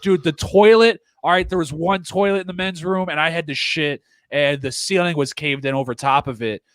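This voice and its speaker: A man telling stand-up road stories in a casual podcast chat, brash and profane, sometimes loud and laughing. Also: a little high, normal speed, clear, resonant tone. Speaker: touring stand-up comedian, podcast guest.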